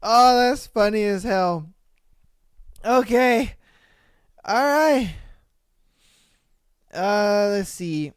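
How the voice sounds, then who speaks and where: A man hosting a casual podcast, reacting to listener posts with profane disbelief and loud bursts of laughter. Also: sits high, expressive, very slow, pauses often, smooth, dry recording, studio quality. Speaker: podcast host.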